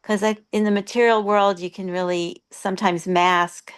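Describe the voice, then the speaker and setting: A woman in a group discussion sharing a gentle, thoughtful reflection with small laughs. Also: mid-range voice, fairly even intonation, normal speed, clear, resonant tone. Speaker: group participant.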